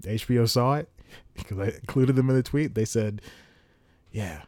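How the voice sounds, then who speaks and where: A man's voice: medium pitch, normal speed, darkish tone, no room sound. A man hosting a solo comedy podcast, ranting with real heat, going off on rambling tangents and laughing at himself. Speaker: podcast host.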